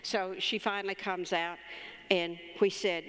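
A woman's voice: fairly low pitch, flat delivery, measured pace. A woman, a pastor's wife, preaching in a church, telling a personal story in a conversational way and calling for amens. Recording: reverberant church hall.

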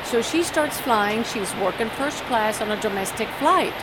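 A woman's voice: on the high side, expressive, normal speed. A woman, a flight attendant, telling a workplace story casually and with emphasis, repeating her lines. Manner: emphatic, repeats herself, laughs easily. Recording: loud background noise.

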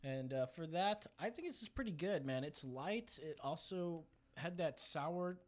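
A man's voice: fairly high pitch, expressive, measured pace. A man hosting a podcast and reviewing a beer in easygoing, teasing casual chat. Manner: laid-back, laughing, teasing. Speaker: podcast host.

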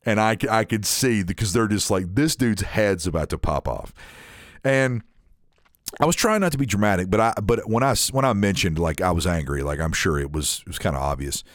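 A man telling a long story in casual chat, animated and full of restarts. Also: fairly low pitch, brisk, no room sound, clean studio sound. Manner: animated, frequent restarts, mimics others in story.

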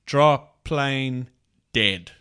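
A man co-hosting a casual faith talk, retelling Bible stories in an unhurried way with many restarts. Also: mid-range voice, pushed and bright, clear, resonant tone. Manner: slow, unhurried storytelling with restarts and laughs.

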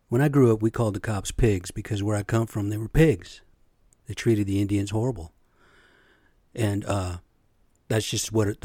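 A man's voice: fairly low pitch, warm tone, no room sound, studio quality. A middle-aged man ranting bluntly in a casual monologue, swearing often and tagging lines with "right?" and "okay?". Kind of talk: impassioned personal rant.

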